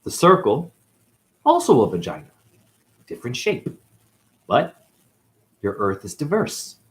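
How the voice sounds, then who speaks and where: A man from New England delivers a rambling spiritual monologue, his pitch climbing and dropping a lot. He swears freely and swings from low mutters to sudden loud bursts. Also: wildly swooping pitch, unhurried. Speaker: spiritual teacher, former dancer.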